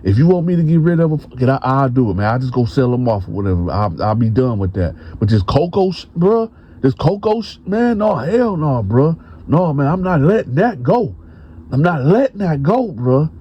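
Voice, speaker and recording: A man's voice: mid-range voice, quick pace, hardly any pauses, dull audio, close to an everyday voice. A man voicing a defensive, hot-tempered male prison gang member who talks frantically and keeps repeating "man" and "bruh". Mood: pleading.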